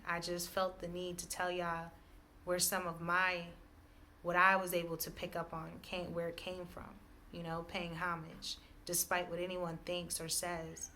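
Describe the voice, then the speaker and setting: A woman's voice: lowish voice, completely flat delivery, a little slow, sharp tone, a little hiss or hum. A woman giving an intuitive spiritual message reading, circling the same idea in repeated, hedging phrases and laughing often. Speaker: intuitive reader.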